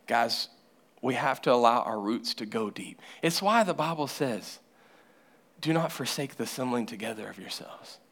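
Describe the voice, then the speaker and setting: A man's voice: medium pitch, expressive, moderate pace, fairly bright tone. A male pastor preaching a sermon in a church, telling stories and acting out people's voices.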